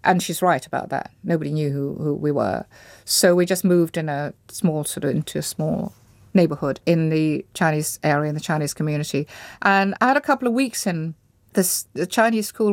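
A woman from Indonesia, an interview guest, thoughtfully recalling her past with pauses and restarts as she searches for words. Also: sits low, dry recording. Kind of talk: reflective personal recollection.

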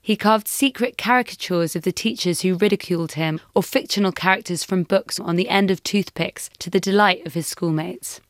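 A woman with a lowish voice narrates a documentary in a measured, calm way and sometimes asks questions. Her delivery is steady and unhurried. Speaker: narrator and interviewer.

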